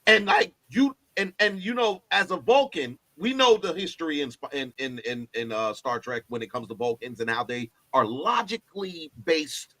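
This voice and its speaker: A man's voice: fairly high pitch, expressive, normal speed, few pauses, sharp tone, dry recording, low-quality recording. A man co-hosting a podcast, emphatic and profane in casual pop-culture chat. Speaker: podcast co-host.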